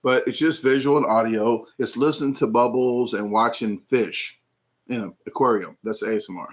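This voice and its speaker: A man's voice: mid-range voice, moderate pace. A man hosting his channel, chatting casually and rambling through viewer comments with frequent jokes and laughs. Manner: rambling, jokey, laughs often. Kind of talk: casual livestream chat.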